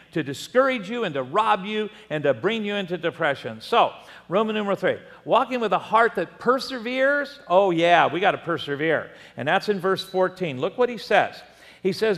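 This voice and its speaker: Animated older male preacher in a hall. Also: sits high, normal speed. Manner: animated preaching with asides and laughs. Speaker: pastor. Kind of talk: sermon. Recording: long reverb of a church hall.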